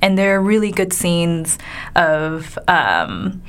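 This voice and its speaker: A woman's voice: fairly low pitch, sing-song, slow, smooth. Earnest young woman chatting casually. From California. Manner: earnest, filler-heavy storytelling. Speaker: co-host. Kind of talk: casual chat.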